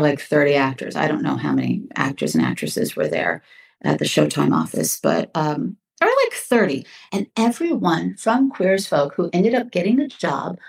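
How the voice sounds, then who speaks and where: Gravelly-voiced woman telling animated stories. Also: lowish voice. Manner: animated storyteller acting out quoted voices. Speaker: actress guest. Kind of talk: storytelling interview chat.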